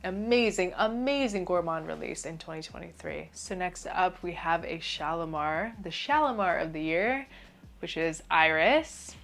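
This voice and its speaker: A woman's voice: lowish voice, moderate pace, creaky, a bit bright. Gushing young woman reviewing perfumes. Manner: gushing, enthusiastic, filler-heavy with frequent "like". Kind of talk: casual product review vlog.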